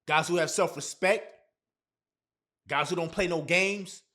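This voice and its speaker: Blunt high-voiced man giving dating advice. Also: a little slow, sharp tone. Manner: blunt, emphatic, repeats points. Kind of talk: casual talk to camera.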